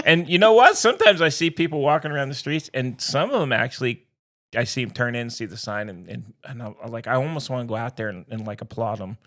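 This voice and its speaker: A man's voice: medium pitch, fast, fairly bright tone. A man in his fifties co-hosting a casual podcast, ranting grumpily and swearing freely. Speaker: podcast co-host.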